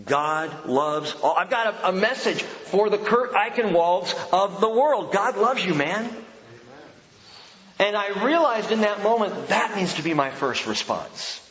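Male pastor, high voice, conversational but emphatic sermon; dull lo-fi recording with long hall reverb. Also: animated, a little slow, fairly bright tone. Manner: conversational, emphatic preaching with rhetorical questions. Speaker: pastor and Bible teacher. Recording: echoey hall, dull lo-fi sound.

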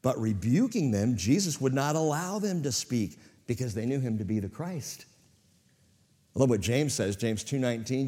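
A man's voice: medium pitch, very animated, normal speed, warm tone, slightly rough, big-room sound. A man preaching a sermon as pastor to a church congregation, with dramatic swings in volume.

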